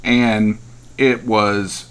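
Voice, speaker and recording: A man's voice: lowish voice, very slow, smooth. A man co-hosting a podcast in casual, joking chat with his wife. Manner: joking, animated, lively intonation. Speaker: podcast co-host.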